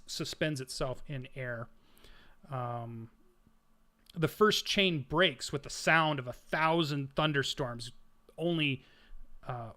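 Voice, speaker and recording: A man's voice: mid-range voice, a bit bright. A man narrating a tabletop role-playing game as game master, setting scenes like camera shots, with frequent fillers and restarts.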